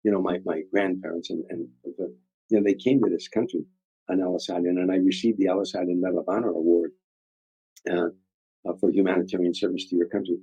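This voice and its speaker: A deep, husky, mellow voice with vocal fry and fairly even intonation comes at a quick pace from this older man, a guest comedian from the Chicago area, USA. In a storytelling interview, he rambles through heartfelt tales and often repeats words. The audio is dry and dull.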